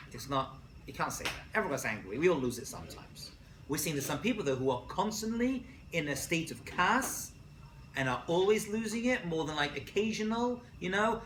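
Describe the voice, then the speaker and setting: Lively male rabbi lecturer, bright voice, echoey college room, jokes with the class. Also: on the high side, slight background noise. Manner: jokey, asks the class questions. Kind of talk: animated lecture with stories.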